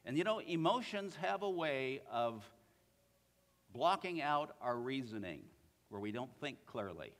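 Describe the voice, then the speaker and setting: Man preaching in a church, bright voice, lively pitch, long echo all around. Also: unhurried. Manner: earnest, reads scripture aloud with feeling. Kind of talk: sermon.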